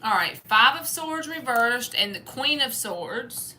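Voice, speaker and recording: A woman talks through a live tarot reading in a candid, folksy way. Her voice sits a little high, with a faint hiss behind it. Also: lively intonation, slow pace, bright, forceful tone. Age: 30s. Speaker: tarot reader.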